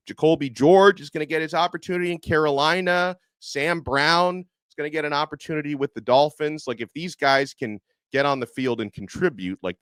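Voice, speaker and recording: A man's voice: mid-range voice, fairly bright tone, dry recording. A man hosting a sports podcast, chatting through listener questions in a conversational, loose manner. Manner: conversational, many fillers and restarts. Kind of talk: casual sports commentary and listener Q&A.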